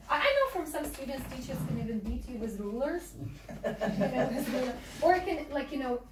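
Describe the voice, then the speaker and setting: A woman's voice: high voice, slight background noise. A woman from Ukraine with a Ukrainian accent, a native Russian speaker, teaching a class with many fillers and frequent "okay?" checks. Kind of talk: classroom instruction. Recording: echoey room, mic far off.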